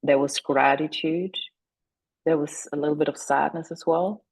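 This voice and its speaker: Woman, podcast guest, gravelly, husky, earnest, halting pauses. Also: low voice, steady tone, darkish tone, no echo, poor audio. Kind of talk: reflective personal storytelling.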